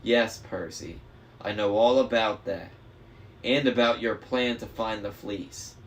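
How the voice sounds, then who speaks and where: A man's voice: on the low side, measured pace. A man voicing a smug young traitor. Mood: mocking. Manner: smooth, mocking, persuasive. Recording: faint noise, slightly distant mic.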